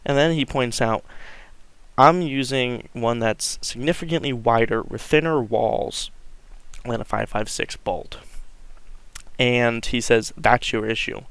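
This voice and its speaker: A man's voice: medium pitch, a little slow, fairly bright tone, clean tone, no room sound. A man casually telling a long personal story, rambling with many fillers and restarts and acting out what people said. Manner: rambling, full of fillers and restarts, acts out quotes.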